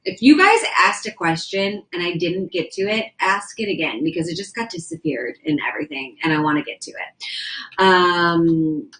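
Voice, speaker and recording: A young woman hosts a casual livestream from indoors, with a voice sitting slightly low for a woman. She rambles in a chatty way and reads her viewers' comments aloud as she goes. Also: expressive, moderate pace, a bit bright, low-quality recording. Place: indoors at a house.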